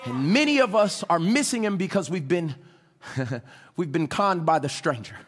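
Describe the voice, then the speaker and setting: A pastor with children preaching a sermon fervently, swinging between shouting and hushed tones and calling on the congregation to respond. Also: male voice, fairly high pitch, animated, moderate pace. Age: adult with children.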